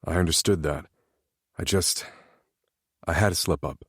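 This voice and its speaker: Male narrator, very deep voice, calm even storytelling, dry close mic. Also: normal speed, husky, dry recording. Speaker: audiobook narrator. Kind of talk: romance audiobook narration.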